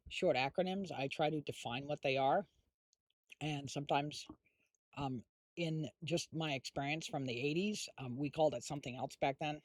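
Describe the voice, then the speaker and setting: A man's voice: on the high side, no room sound. A middle-aged man hosting a live stream, chatting casually and rambling with lots of fillers while snacking. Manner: eating while talking. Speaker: streamer host.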